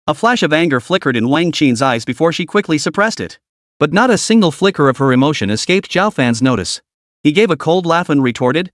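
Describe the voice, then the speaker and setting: Animated male recap narrator, dry sound. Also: fairly high pitch, brisk, no room sound.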